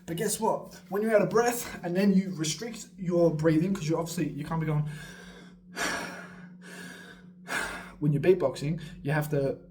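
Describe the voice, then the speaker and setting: A man talks through a casual beatbox lesson in a slightly high, excitable voice, swearing freely and laughing at himself. He rambles and moves around as he explains. A faint background noise sits under the recording. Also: a little fast, hardly any pauses. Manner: energetic, swearing, laughing asides, jumping around while talking. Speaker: beatbox coach.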